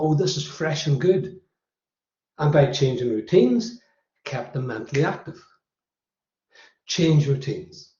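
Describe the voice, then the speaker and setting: Northern Irish male workshop presenter, mellow higher voice, emphatic, counts off points; roomy, dull recording. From Northern Ireland. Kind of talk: motivational workshop talk.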